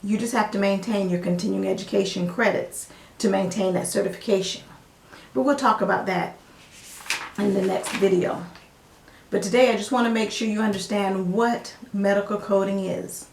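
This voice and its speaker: Gravelly Southern woman teaching. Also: medium pitch, steady tone, moderate pace, reverberant. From American South. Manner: folksy, explains with everyday examples. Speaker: medical coding instructor. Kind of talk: casual teaching monologue.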